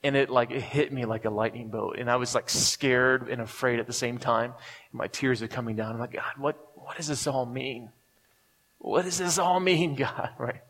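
A man's voice: mid-range voice, a bit bright. A man in his forties preaching a sermon, telling his own story with many restarts and fillers. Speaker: pastor. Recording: long reverb of a large hall.

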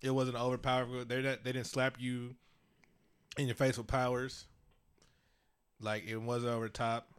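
A man co-hosting a podcast in casual chat, animated and laughing, swearing freely. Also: medium pitch, moderate pace, long pauses, clean tone. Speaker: podcast co-host.

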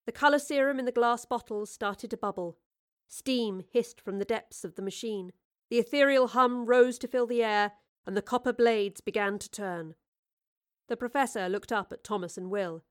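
A woman narrating an audio drama with expressive, clear storytelling and voicing every character herself. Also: on the high side, normal speed.

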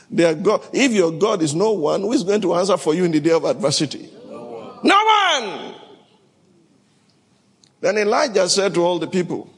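This male preacher has a high voice and talks a little fast, reading scripture aloud and shouting dramatic bursts at the congregation in a call-and-response style. The recording comes from a large hall, and the sound echoes.

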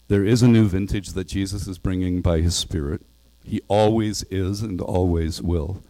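Preacher, male, low mellow voice, earnest sermon delivery, dry close sound. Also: no room sound. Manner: earnest, reads a storybook passage aloud with voiced parts.

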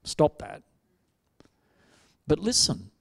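A middle-aged man, preaching a sermon and telling stories with lively, acted-out quotes. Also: a little high, extremely slow, vocal fry. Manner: animated storytelling, acts out quoted voices. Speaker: pastor.

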